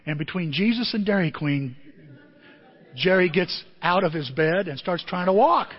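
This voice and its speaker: A man's voice: high-pitched, normal speed, slightly rough, in a large hall, muffled recording. A male pastor telling a story in a sermon, acting out the people in it. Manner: animated, acts out the people in his stories. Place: church hall.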